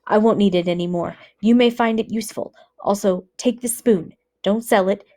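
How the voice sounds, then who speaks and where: A woman's voice: mid-range voice, normal speed, warm tone, close to an everyday voice. A woman reading aloud voices an exhausted older father urgently pressing gifts on his son. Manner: urgent, insistent.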